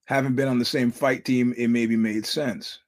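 A middle-aged man talks through his podcast in a loose, rambling monologue. He swears freely and often circles back to restart his sentences. His voice sits at a plain, medium pitch. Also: level tone, normal speed. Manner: rambling storyteller, profane, many restarts. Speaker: podcast host. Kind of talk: casual monologue.

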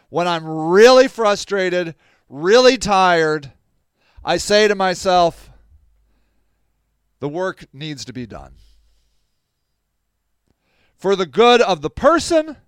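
Podcast host, male, high smooth voice, lively storyteller acting out quotes, close dry mic. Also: slow pace, no echo. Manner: animated, acts out quoted voices, laughs often. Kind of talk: casual storytelling monologue.

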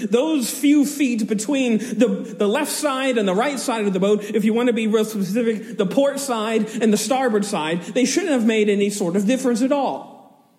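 A man delivers an expository sermon in a high voice, with the sound ringing through a reverberant hall. He tells the story vividly and animatedly, dropping chuckling asides as he walks through the verses. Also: darkish tone. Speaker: preacher.

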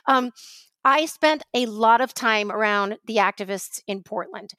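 A woman co-hosting a podcast, from New York, telling a story in an animated, ranting way. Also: a little high, no room sound. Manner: animated storytelling, quick rants. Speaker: podcast co-host. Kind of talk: casual chat.

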